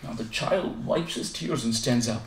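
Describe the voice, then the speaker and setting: A man preaching at a home devotional gathering, telling a story with lively storytelling and acting out passers-by. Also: medium pitch, unhurried, echoey room. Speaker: visiting preacher. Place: living room of a home gathering.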